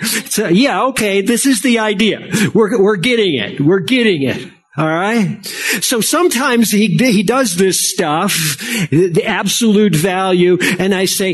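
An older man preaching a sermon to his congregation, deliberate and conversational, with frequent asides and check-ins. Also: sits high. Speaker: pastor.

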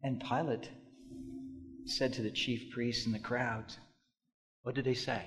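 A male pastor preaching a sermon, dropping to hushed tones and then rising to loud, emphatic bursts. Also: mid-range voice, little pitch movement, measured pace.

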